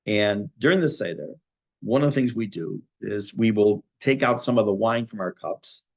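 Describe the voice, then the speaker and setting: A middle-aged man, a rabbi giving a Torah class, talking thoughtfully many pauses and restarts. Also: fairly low pitch, gravelly, darkish tone.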